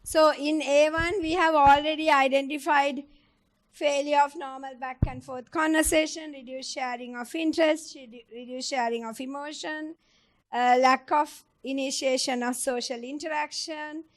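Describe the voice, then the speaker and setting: A woman's voice: high-pitched, steady tone, moderate pace. A woman giving a clinical teaching lecture, explaining step by step and putting questions to her audience.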